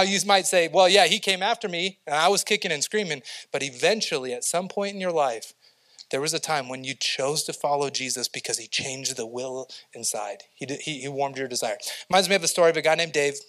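A man's voice: on the high side, a bit bright. A young adult male pastor preaching a sermon, telling stories and building to emphatic points. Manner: storytelling preacher, rising to emphatic peaks.

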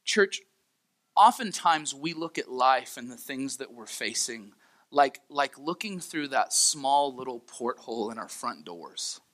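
A man's voice: medium pitch, lively intonation, a little slow, fairly bright tone. A man preaching a sermon as pastor, earnest and pleading, often repeating his phrases.

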